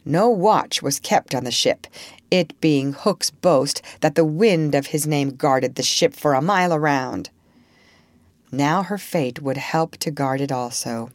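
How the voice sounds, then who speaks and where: Woman reading a kids' story, slow and lively, low-ish voice, dry sound. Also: dry recording. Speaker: narrator.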